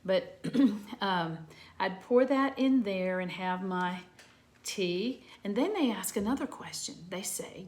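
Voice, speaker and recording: A woman, gently teaching a lesson to young children from home. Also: mid-range voice, expressive. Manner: gentle, slow, talking to children. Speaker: preschool teacher.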